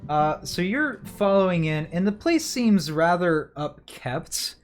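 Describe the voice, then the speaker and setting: A man running a tabletop game, narrating casually with plenty of ums and pauses. His voice sits a little high, with faint guitar music in the background. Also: sing-song. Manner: casual, hesitant, many fillers. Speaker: game master.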